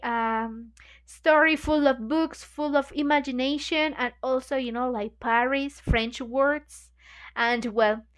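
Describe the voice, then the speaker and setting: A woman's voice: sits high, a bit bright. A woman hosting a book club. She reads a novel chapter aloud and retells it in chatty English, full of "you know, like" fillers. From Mexico.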